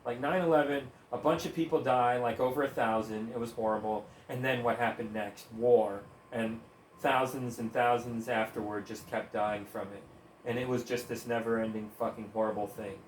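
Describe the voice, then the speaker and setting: A man's voice: medium pitch, steady tone, normal speed, slight background noise. Profane ranting man in a roomy echo. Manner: profane, heated, sarcastic, breaks into laughs. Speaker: gaming streamer. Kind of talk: ranting commentary while gaming. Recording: roomy echo, faint ambience.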